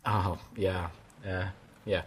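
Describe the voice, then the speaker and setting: A man hosting a casual interview, excitable, swearing and stumbling over his questions. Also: sits low, takes it slowly, breathy edge. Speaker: podcast host.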